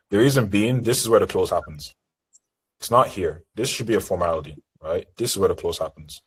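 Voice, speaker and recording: Through a rough recording comes a deep, somewhat mellow, husky male voice. He's a sales trainer leading a live seminar on an online group call, giving direct, assertive coaching.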